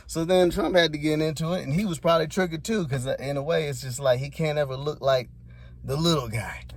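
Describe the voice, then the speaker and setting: A man's voice: fairly high pitch, brisk. A man giving rambling, laid-back, slangy commentary as a vlogger. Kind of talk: casual commentary.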